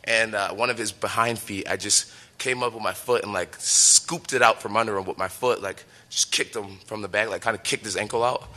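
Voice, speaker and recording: Bright-voiced young man telling a story. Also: lowish voice, brisk, hardly any pauses. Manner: lively, laughs often, acts out quotes. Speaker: professional fighter. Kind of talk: animated storytelling.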